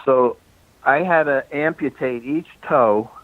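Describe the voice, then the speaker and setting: A man's voice: mid-range voice, slow pace, dry recording. An older man, a film director, telling rambling anecdotes in a casual interview, chuckling and restarting his sentences, a bit out of breath as he walks around. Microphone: phone call. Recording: tinny dry phone line.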